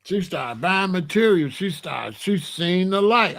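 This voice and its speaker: A man from Alabama, hosting and telling a story in a chatty, animated way and laughing often. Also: on the high side, slow, vocal fry, hardly any pauses. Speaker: host. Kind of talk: casual storytelling.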